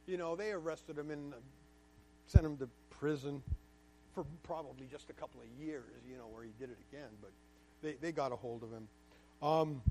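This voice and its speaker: High-voiced man telling his story emphatically. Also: a little hiss or hum. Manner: emphatic, candid, repeats words for stress. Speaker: guest speaker to a class. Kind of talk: personal storytelling lecture.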